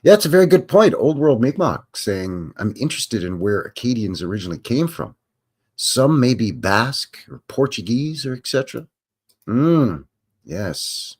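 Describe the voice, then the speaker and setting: A middle-aged man hosts a live stream, reading out viewer questions and riffing on them with quick asides. His pitch moves a lot, rising and dipping as he jokes. He speaks at a middle pitch, loose and talkative. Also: sing-song, darkish tone, husky. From Canada. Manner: chatty, jokey, rambling with quick asides. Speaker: host.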